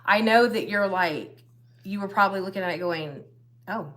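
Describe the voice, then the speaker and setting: A woman's voice: mid-range voice, fairly quick, a bit bright. Chatty middle-aged woman on a live stream. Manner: chatty, laughs often, trails off mid-sentence. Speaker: co-host of a couple's live stream. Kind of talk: casual chat.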